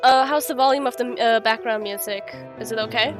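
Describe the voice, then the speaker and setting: A woman with a sick, rough voice chatting casually on a live stream, giggly and swearing freely. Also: fairly high pitch, a little fast, over music. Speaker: streamer and player.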